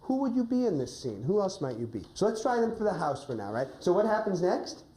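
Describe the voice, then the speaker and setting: Guiding her class through a play rehearsal, a woman drama coach hands out instructions and often checks with "right?". She speaks in a lowish, mellow, sing-song voice at a brisk pace, in an echoey classroom with faint noise.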